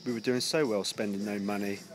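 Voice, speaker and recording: A man's voice: fairly low pitch, fairly even intonation, a little fast, over music. A young man casually vlogging a day out, chatty and teasing, filmed on a handheld camera in windy seaside streets. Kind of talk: casual vlog narration. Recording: windy outdoor noise, traffic.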